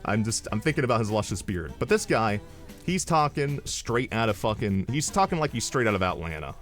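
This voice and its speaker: Casting: low-voiced male streamer, rambling comic storyteller, faint music underneath. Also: a little fast. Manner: rambling, animated, deadpan asides. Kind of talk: comedic storytelling.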